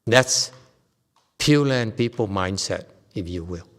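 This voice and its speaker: Speaking slowly in an expressive, low-leaning voice, a Vietnamese Buddhist master lectures on the dharma in a temple hall. He jokes, keeps a conversational tone, and frequently checks in with his audience, all under a long hall reverb.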